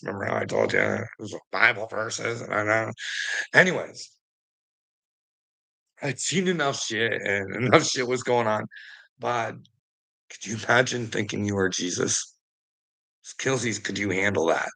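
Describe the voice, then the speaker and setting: Man, gravelly voice, bright edge, rambling, profane, laughs between words. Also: on the low side, very animated, normal speed, long pauses. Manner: profane, rambling, laughs often mid-sentence. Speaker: vlogger. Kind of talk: casual monologue to a friend.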